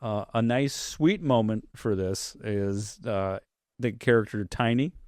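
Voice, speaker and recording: A man's voice: fairly low pitch, a little slow, dry recording, clean studio sound. A man hosting a horror movie podcast, casually retelling scenes in a rambling, swearing way. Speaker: podcast host. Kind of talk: casual chat.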